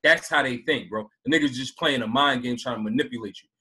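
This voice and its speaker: A man's voice: mid-range voice, quick pace, sharp tone, husky. A man, talking bluntly in street slang in casual podcast talk. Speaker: podcast co-host.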